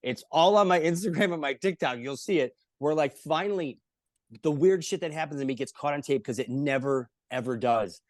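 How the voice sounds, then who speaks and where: A man's voice: on the high side, fairly quick, no echo, clean studio sound. A man, a comedian guest on a podcast, telling a long story in casual chat, rambling and profane with lots of filler words.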